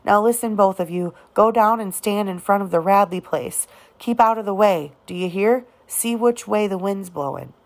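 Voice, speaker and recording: A steady, gentle father giving quiet firm instructions, read by a woman in her own voice. There is a gravelly rasp at the bottom of the tone and a middle pitch. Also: moderate pace, hardly any pauses, close to an everyday voice. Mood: calm.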